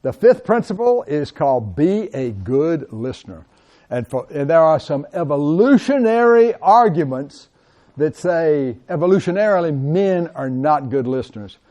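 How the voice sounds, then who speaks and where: A man's voice: fairly high pitch, measured pace. A middle-aged man giving a classroom lecture as a college lecturer, talking straight to his students and calling them guys. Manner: animated, addresses students directly as guys.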